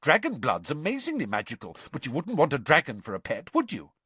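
A man's voice: on the high side, huge pitch swings, a little fast, pushed and bright, breathy edge, no echo, voice pushed up, heavily acted. A man voicing a clever, impatient schoolgirl who speaks snappily and with exasperation. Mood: exasperated.

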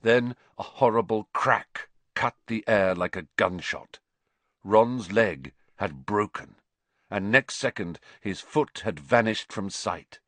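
A man reading a story aloud in scripted narration, dramatic and expressive. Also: fairly low pitch, slow, no echo. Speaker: audiobook narrator.

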